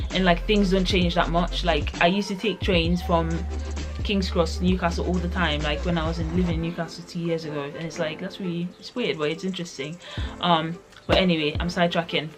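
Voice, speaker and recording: A woman giving a casual book review vlog, rambling with lots of "like" fillers. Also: fairly low pitch. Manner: rambling, heavy use of "like".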